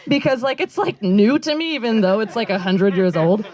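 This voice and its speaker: A woman's voice: mid-range voice, animated, moderate pace, darkish tone. A woman doing a stand-up comedy set outdoors in a backyard, rambling and self-deprecating, with lots of fillers and her own laughter. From Northern California.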